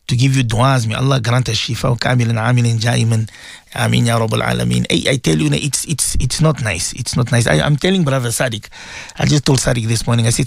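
A man's voice: medium pitch, gravelly, dry recording. A man hosting a call-in radio show as a Muslim cleric, speaking in a heartfelt, repetitive way as he reads out listener messages. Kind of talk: emotional call-in radio talk.

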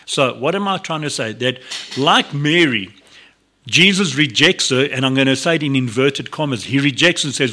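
A man gives a devotional talk on the radio. His voice is bright and forceful. He speaks earnestly and conversationally, often restarting his sentences and stopping for asides. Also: mid-range voice, animated, normal speed. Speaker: radio presenter.

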